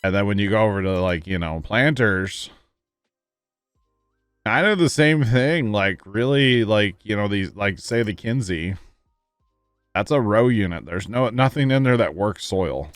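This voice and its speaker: Casual male streamer, lowish voice, easygoing explainer who talks to chat. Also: animated, measured pace, no room sound, faint music behind. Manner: chatty, reads chat aloud, explains farming gear. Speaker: livestream host. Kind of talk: casual gameplay commentary.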